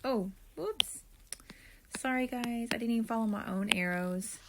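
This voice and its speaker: A woman teacher talking students through a video lesson, slow and deliberate, thinking aloud while she writes and speaking to them directly. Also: on the high side, noisy background. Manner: friendly, addresses students directly. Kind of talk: classroom video lesson, filling in notes.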